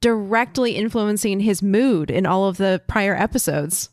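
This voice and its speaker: A woman's voice: medium pitch, normal speed, dry recording, clean studio sound. A woman co-hosting a podcast, explaining lore and theories step by step in casual chat. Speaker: podcast co-host.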